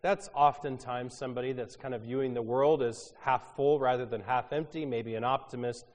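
Hoarse man preaching in a reverberant hall. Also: mid-range voice, steady tone, moderate pace, darkish tone. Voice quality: raspy. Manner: conversational with frequent fillers. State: hoarse from a cold. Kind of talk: sermon. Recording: long reverb of a large hall.

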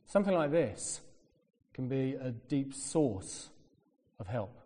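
A British preacher with a medium-pitched voice speaks slowly in a big-sounding room. His sermon is a personal story in which he acts out the people involved, livening up when quoting them.

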